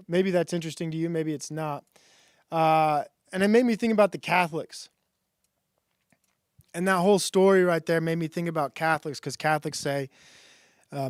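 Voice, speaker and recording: Rambling, halting man streaming. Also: on the high side, clear, resonant tone, dry recording, studio quality. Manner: rambling, halting, many fillers. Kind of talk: casual stream chat.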